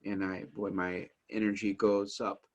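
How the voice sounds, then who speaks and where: This family life teacher addresses the camera informally, his voice fairly low. Eager and sincere, he works to keep a calm, unhurried pace, but frequent fillers and restarts creep in as he gets more energized.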